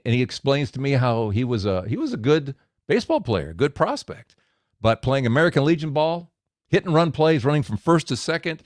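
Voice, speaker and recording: A man giving a devotional message for men, storytelling with lively acted-out quotes. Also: mid-range voice, no room sound, studio quality. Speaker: speaker of a men's devotional.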